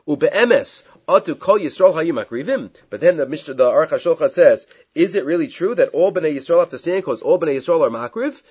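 A man's voice: a little high, a little mellow, breathy edge. A man teaching a class on Jewish law, reading Hebrew sources and explaining them in English, with asides and rhetorical questions. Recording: dull lo-fi recording.

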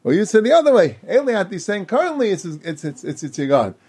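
A man giving a Talmud lecture, explaining quickly in run-on sentences and acting out the speakers he quotes. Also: sits high, very animated, darkish tone, husky. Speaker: Talmud teacher.

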